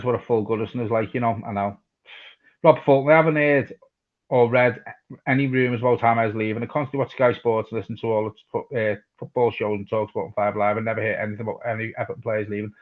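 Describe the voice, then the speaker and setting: Male Scouse fan-channel host, mid-pitched, laid-back and blunt, reads live comments; muffled stream sound. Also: fairly even intonation, quick pace. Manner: casual, swears freely, reads chat messages aloud. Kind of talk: live match watch-along chat.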